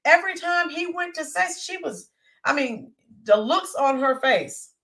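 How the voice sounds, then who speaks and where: A woman hosts a casual live stream, talking straight to her viewers and greeting them by name as she goes. Her voice sits a little high and sounds bright and forward. She often stops for fillers and starts her sentences over. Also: animated, a little slow. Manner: hesitant with fillers and restarts. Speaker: livestream host.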